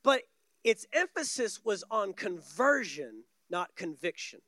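Male preacher, high voice, emphatic, repeats words, dry close sound. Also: very animated, measured pace, pushed and bright, no echo. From United States. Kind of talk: sermon. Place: church stage.

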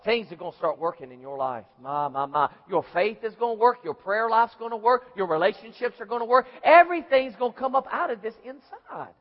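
A man preaching a sermon, dramatic and acting out voices, rising to shouts. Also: high-pitched, expressive, a little fast, hardly any pauses. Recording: muffled, hall reverb.

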